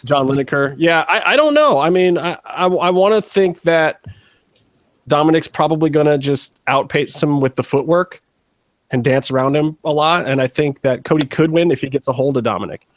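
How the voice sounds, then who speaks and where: A man's voice: on the high side, moderate pace, dry recording. Dry-sounding man hosting a podcast. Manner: joking, wraps up segments. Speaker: podcast host. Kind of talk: casual podcast chat.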